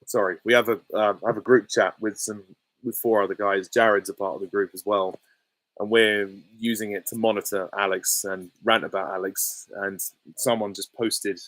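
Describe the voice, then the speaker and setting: A man with a lowish voice, talking casually through viewer questions on a livestream. He rambles, restarts and fills gaps with ums. The sound is dry and close, with no room around it. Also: steady tone, moderate pace, a bit bright, no room sound, low-quality recording. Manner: rambling, many fillers and restarts. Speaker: YouTube host answering viewer questions.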